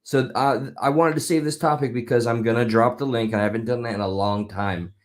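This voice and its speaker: This is a man hosting a live stream and chatting casually into a spatial mic. He rambles, drifts between thoughts and often breaks off to start again. His voice sits at an ordinary pitch for a man. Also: fairly even intonation, brisk, reverberant. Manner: rambling, chatty, stops mid-thought and restarts.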